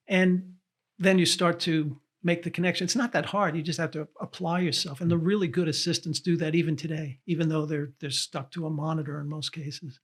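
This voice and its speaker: An older man, a cinematographer, answering interview questions in an earnest way with a scratchy, dry voice and repeating his key advice for emphasis. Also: on the high side. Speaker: cinematographer guest.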